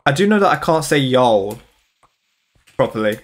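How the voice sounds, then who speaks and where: A man's voice: mid-range voice, big pitch swings, moderate pace, long pauses. Young british guy streaming, chatty, laughing a lot and answering chat, voice right in the middle. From United Kingdom. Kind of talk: casual chat while gaming.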